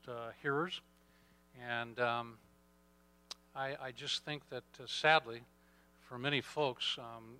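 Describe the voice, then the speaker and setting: A church leader speaking in a measured, thoughtful way about faith and obedience, with some hesitations. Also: male voice, medium pitch, pushed and bright, clear, resonant tone. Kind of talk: reflective talk on faith.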